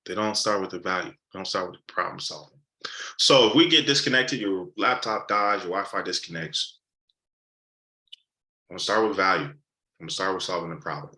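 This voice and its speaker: A man teaching a live sales training session, acting out customer conversations and repeating key points for emphasis. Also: fairly low pitch. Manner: animated, acts out customer dialogues. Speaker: sales coach. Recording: roomy echo.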